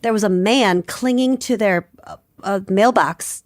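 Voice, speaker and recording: A woman's voice: medium pitch, unhurried, no room sound, clean studio sound. A woman from the Midwest co-hosting a podcast, chatting casually and enthusiastically and laughing often. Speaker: podcast co-host. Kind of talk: casual chat.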